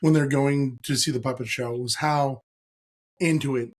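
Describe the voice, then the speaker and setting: A man's voice: medium pitch, normal speed, slightly rough. A man co-hosting a podcast, casually chatting about a TV episode, chuckling and joining in on quotes. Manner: relaxed, chuckling, joins in on quotes. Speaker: podcast co-host. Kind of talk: casual chat recapping a TV episode.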